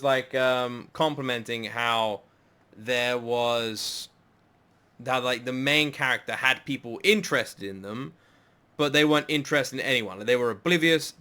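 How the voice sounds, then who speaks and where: Bright-voiced man reacting to anime. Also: medium pitch. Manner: excitable, swears casually, laughs often. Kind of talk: casual reaction commentary.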